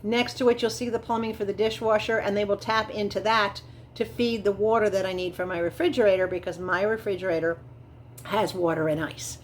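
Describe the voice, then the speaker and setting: Middle-aged woman vlogging, chatty and excited, rambles a bit, bit of faint noise behind. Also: medium pitch, a little fast. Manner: chatty, enthusiastic, meandering with fillers. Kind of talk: casual chat narrating a home build.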